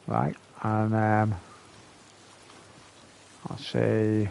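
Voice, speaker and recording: A man's voice: fairly low pitch, lively intonation, drawn-out words, vocal fry, pauses often, no room sound. A man giving rambling, chatty live commentary while streaming a game, calling his viewers "mate".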